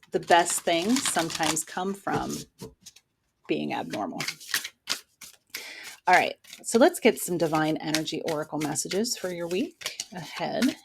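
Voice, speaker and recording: Woman, tarot reader, casual and encouraging, slightly low voice, own mic. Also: creaky, noisy background. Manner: encouraging, motivational. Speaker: tarot reader and spiritual coach. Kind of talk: casual weekly tarot reading. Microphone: own microphone.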